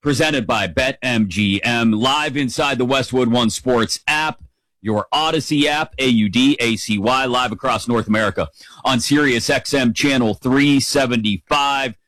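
A man's voice: mid-range voice, a little slow, a bit bright, no echo, poor audio. A middle-aged man hosting a sports talk radio show, upbeat and playful as he rambles through the day's news.

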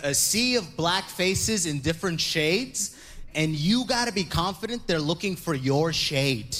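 A young man performing a stand-up comedy set, acting out the voices of the people he quotes. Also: high-pitched. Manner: animated, acts out quoted voices, laughs through lines.

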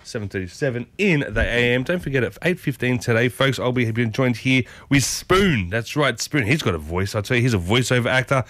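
A man hosts a breakfast radio show from the studio. He is chatty and upbeat and talks straight to his listeners. His voice sits in a middle pitch and sounds close and dry. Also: lively intonation, a little fast, hardly any pauses, a bit bright, no room sound. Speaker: radio host.

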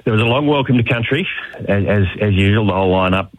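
A man, a politician answering radio questions in a halting, hesitant way, heard in a broadcast clip. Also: lowish voice, low-quality recording.

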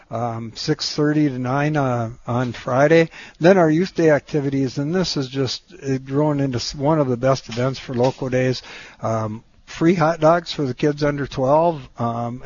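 A man's voice: medium pitch, muffled recording. A man as a guest on a casual radio chat, promoting a town festival in a plain-spoken way full of ums and uhs. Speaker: event organizer guest.

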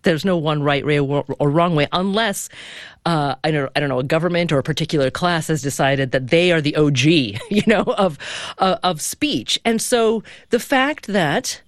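A radio host from Oregon, leading an interview in an engaged, conversational way and sharing firm opinions. The voice sits at a medium pitch and is recorded close and dry. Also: normal speed, no room sound. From Oregon, American West.

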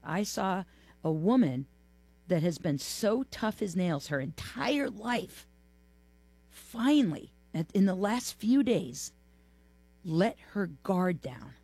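A memoir author as a studio interview guest, speaking in a halting, heartfelt way with many pauses. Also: mid-range voice, big pitch swings, a little mellow, dry recording. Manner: halting, heartfelt, pausing often.

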